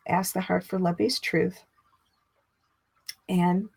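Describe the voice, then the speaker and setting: A middle-aged woman giving a teaching talk as a spiritual teacher. She talks in a chatty, expressive way and lifts her voice when she acts out inner dialogue. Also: on the low side, slow, gravelly, breathy edge.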